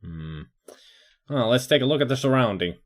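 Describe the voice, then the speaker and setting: A man's voice: medium pitch, animated, moderate pace. A man playing a video game on his own, reading its text aloud and musing about what to do next. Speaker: let's player. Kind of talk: casual game commentary.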